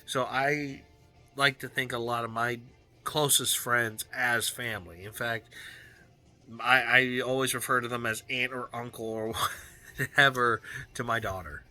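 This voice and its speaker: A man recording a personal video journal, talking in an earnest, heartfelt way with halting restarts and fillers. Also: medium pitch, steady tone, bright, forceful tone, soft background music. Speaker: vlogger.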